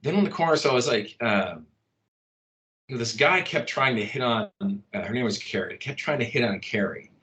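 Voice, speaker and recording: A man tells a long story in a loose, rambling way, full of "like" and false starts. His voice is bright and forward, at a middle pitch. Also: lively intonation, moderate pace. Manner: rambling, lots of "like" and restarts, laughs at his own story. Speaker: interview guest, copywriter. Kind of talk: casual storytelling in an interview.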